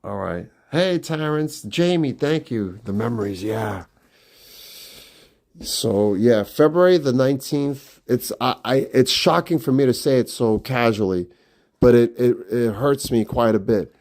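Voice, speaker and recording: A middle-aged man in his fifties talks casually to his viewers on a phone live stream, walking through his family home. His voice sits at an ordinary middle pitch and often drops soft and low as he trails off, chatty and unhurried. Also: expressive. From New York. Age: 50s.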